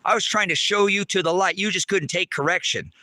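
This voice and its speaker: A man preaches furiously at his livestream chat, cursing often and swinging between shouts and low lecturing. His voice is fairly high, very bright and sharp, and the pitch jumps around a lot. The sound is close and dry. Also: brisk, no echo. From United States. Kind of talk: heated livestream rant to chat.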